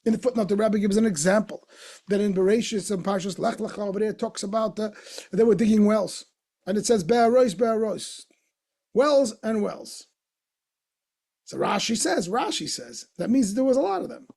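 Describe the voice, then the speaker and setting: Rabbi teaching a text class, husky and gravelly, explains by asking questions and repeating points. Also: male voice, high voice, normal speed, a little mellow. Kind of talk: Torah lesson lecture.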